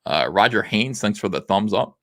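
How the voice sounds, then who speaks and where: A man with a fairly low voice hosts a casual livestream, reading out viewer comments and replying to each one. His talk is loose and full of "uh" fillers. The sound is dry and close, with no room echo. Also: animated, normal speed, fairly bright tone. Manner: reads viewer comments aloud, then answers them; frequent "uh" fillers. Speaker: livestream host reading chat.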